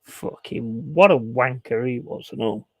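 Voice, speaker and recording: A man with a gravelly edge, pitched in the middle for a man. He tells crude stories in a blunt, casual way, swearing and laughing as he goes. The sound is close and dry. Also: a little slow, darkish tone, no echo. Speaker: streamer. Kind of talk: casual sweary storytelling while gaming.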